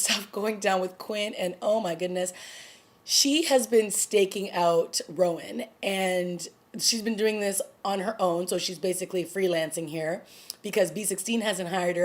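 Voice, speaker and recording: A woman vlogger casually recapping a TV drama episode, excited and gossipy, acting out the characters' lines. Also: mid-range voice. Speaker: TV review vlogger. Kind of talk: casual chat.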